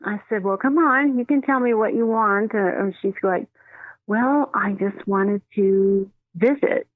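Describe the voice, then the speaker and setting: Medium lady telling stories on the phone, lively, does voices, laughs a lot, sounds thin and dry. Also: mid-range voice, a little slow, no echo. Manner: animated, acts out quoted voices, laughs often. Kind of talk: storytelling in a phone interview. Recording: dry tinny phone line.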